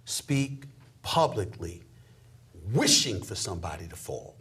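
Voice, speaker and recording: A man's voice: fairly low pitch, sing-song, a little slow, a bit bright, slightly rough. A middle-aged man talking emphatically and preachily in a heated sports conversation. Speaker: sports commentator guest.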